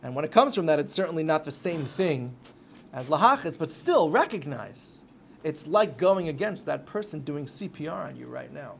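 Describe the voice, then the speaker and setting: A man giving a live religious lecture to a class, telling stories with sudden loud bursts. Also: a little high, big pitch swings, moderate pace, gravelly, slight background noise. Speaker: Torah teacher.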